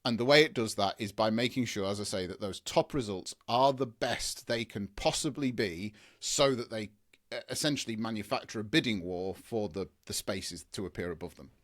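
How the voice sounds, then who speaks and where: A man's voice: fairly low pitch, normal speed. Rambling man explaining, full of restarts. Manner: enthusiastic, rambling, frequent restarts and long lists. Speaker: SEO expert guest. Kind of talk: conversational explaining in an interview.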